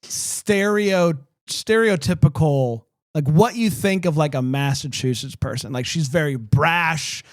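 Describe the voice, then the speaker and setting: A man's voice: a little high, measured pace, hardly any pauses, dry recording, studio quality. A man co-hosting a casual podcast about TV movies, recapping the plot eagerly with many filler words. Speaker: podcast co-host. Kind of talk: casual chat.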